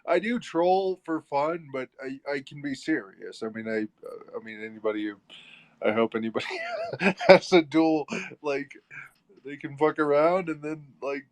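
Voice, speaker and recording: A man's voice: a little high, normal speed, no echo. A man in casual chat, joking and swearing with laughs and stumbles.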